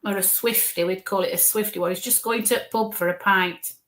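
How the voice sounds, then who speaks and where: Northern English woman, live medium reader, talks to viewers in a warm-hearted, reassuring ramble. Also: mid-range voice, steady tone, a little fast. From northern England. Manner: chatty, reassuring, repeats okay and bless you. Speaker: medium giving live readings. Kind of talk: live spirit reading to online viewers.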